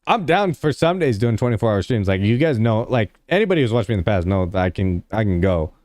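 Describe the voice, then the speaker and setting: A man's voice: lowish voice, big pitch swings, quick pace, darkish tone, dry recording. A young man casually chatting with his livestream viewers, rambling and filling his talk with "like". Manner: rambling, heavy use of "like" fillers; laid-back, talks to chat.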